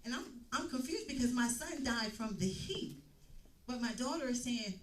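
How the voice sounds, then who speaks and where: A woman's voice: a little high, lively intonation, normal speed, a little hiss or hum. A woman giving an emotional church testimony, telling her story with repeated phrases. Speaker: testimony speaker. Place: church hall. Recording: echoey room, mic at a distance.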